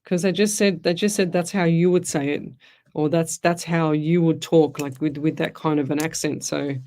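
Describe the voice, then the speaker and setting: A woman's voice: low-pitched, fairly even intonation, moderate pace, mellow. Chatty Australian woman hosting live radio. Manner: chatty, rambling, thinks aloud with frequent restarts. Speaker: radio psychic medium host. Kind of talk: live radio call-in show, reading listener questions. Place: radio studio.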